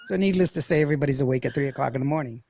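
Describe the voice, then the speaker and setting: A man, hosting a podcast and telling a long, rambling, animated story full of laughter and acted-out quotes. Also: mid-range voice, racing. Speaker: podcast host. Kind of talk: casual storytelling chat.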